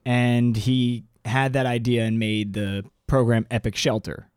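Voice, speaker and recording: A man's voice: mid-range voice, little pitch movement, a little slow, a little mellow, clear, resonant tone, no echo, studio quality. A man co-hosting a casual podcast, joking and telling the story in a laid-back way. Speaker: podcast co-host. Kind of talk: casual chat.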